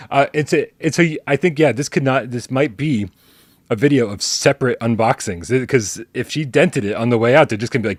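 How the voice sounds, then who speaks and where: A man hosting a gaming podcast, chatting playfully with jokes and quick asides. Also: medium pitch, no room sound. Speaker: podcast host. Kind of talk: casual chat.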